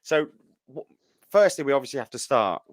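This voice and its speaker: A man's voice: medium pitch, big pitch swings, normal speed, dry recording. A man hosting a podcast, talking casually and reflectively, often stumbling through false starts. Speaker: podcast host. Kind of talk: casual chat.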